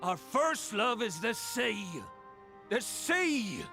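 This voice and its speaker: An actor playing a grizzled old pirate captain in a game cutscene, speaking in a gravelly, rolling pirate manner with booming declarations. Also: male voice, sing-song, extremely slow, pushed and bright, faint music behind, exaggerated voice. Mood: rousing.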